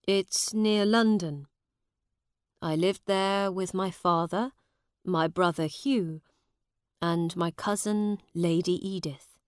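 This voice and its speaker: A woman voicing a kind adult soldier who speaks gently and plainly. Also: fairly low pitch, fairly even intonation, slow pace, clear, resonant tone, no room sound, studio quality. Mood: gentle.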